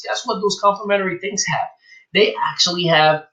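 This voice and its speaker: A man coaching an audience on business, his voice bright and forward, sitting a little high. He talks with lively energy and acts out both sides of his sales conversations. English is not his first language. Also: brisk, rough recording. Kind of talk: motivational talk.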